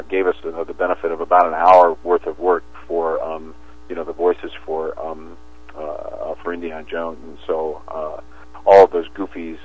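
A man talking as an interview guest in a rambling way, with many restarts and fillers. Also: deep voice. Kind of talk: casual interview talk. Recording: tinny phone line, dry.

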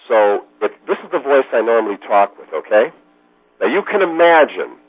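A man telling a long anecdote in a rambling, animated way, often repeating himself, as a podcast guest. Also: medium pitch, normal speed, dry recording. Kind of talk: casual storytelling. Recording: dry, phone-like lo-fi sound.

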